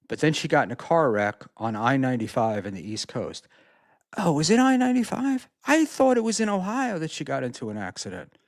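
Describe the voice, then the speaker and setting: A man's voice: mid-range voice, dry recording, clean studio sound. A man hosting a casual solo livestream, reading out chat messages and reacting in a rambling, profane way with lots of fillers.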